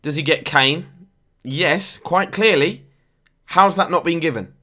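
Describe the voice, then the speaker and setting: A young man commentating on his football video game match, excitable and bursting into loud outcries at near misses and fouls. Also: a little high, unhurried. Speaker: gaming YouTuber.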